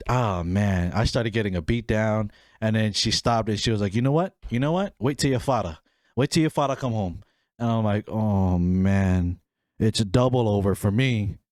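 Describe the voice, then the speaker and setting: Recorded cleanly in the studio with no echo, a young man hosting a podcast recounts a family tale in a relaxed way, his voice mid-range. He voices the characters with energy, getting louder as he plays them.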